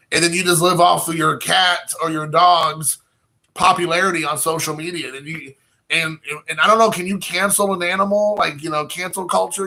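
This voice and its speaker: A bright, slightly high male voice that rambles through a casual vlog, talking straight to his viewers from home. He jokes at his own expense and hops loosely from one thought to the next. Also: creaky. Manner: rambling, self-mocking, chatty with viewers. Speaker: channel host.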